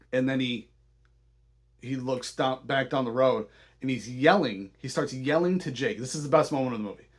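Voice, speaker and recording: A man casually recapping a film as host, clearly excited by what he describes. He often trips over his words and restarts sentences. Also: medium pitch. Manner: enthusiastic, halting with frequent restarts. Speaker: podcast host.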